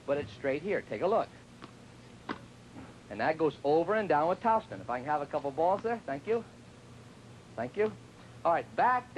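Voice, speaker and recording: A man with a fairly high voice teaches tennis on a TV show, chatty and joking, sometimes acting out what his students say. The recording is rough, with a little hiss or hum.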